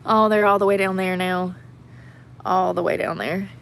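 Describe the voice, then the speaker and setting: A woman's voice: lowish voice, fairly even intonation, moderate pace, creaky, a little hiss or hum. A woman chatting casually into her phone outdoors by the water, swearing freely and laughing often. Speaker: vlogger. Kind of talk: casual outdoor vlog chat. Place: outdoors by the water on a cold day.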